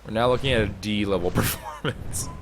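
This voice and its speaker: A young man casually commenting on his gameplay, joking and complaining, sometimes pleading loudly. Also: lowish voice, a little fast, noisy background. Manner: animated, joking, swings to loud pleading. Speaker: gaming YouTuber.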